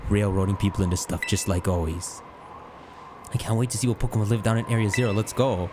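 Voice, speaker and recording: A man's voice: on the low side, a little fast. Joking young gamer guy, game music behind. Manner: loose, joking, swears mildly. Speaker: gaming YouTuber. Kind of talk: casual let's-play commentary.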